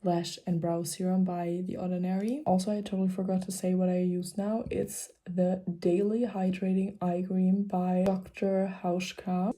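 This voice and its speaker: A woman's voice: fairly low pitch, mellow. Chatty young German woman vlogger. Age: young adult. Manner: chatty, rambling, informal. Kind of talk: casual vlog chat.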